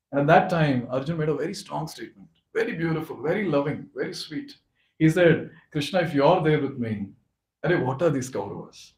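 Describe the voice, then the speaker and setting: A man giving an animated devotional talk at a youth forum, speaking directly to the audience. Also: a little high. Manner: animated storyteller who addresses the audience. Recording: echoey hall.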